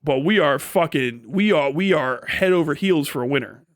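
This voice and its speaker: A man's voice: on the high side, expressive, moderate pace, no room sound, clean studio sound. A man from Ohio ranting in a heated, profane, laughing style on a casual live stream. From Ohio, USA.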